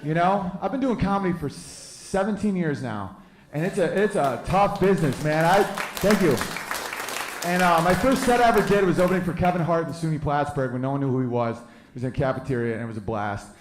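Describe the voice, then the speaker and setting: A man's voice: on the high side, lively intonation, fairly quick, echoey room, a crowd in the background, noisy background. A man in his thirties doing a live stand-up comedy set, rambling loosely and breaking into goofy voices. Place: live comedy venue with audience.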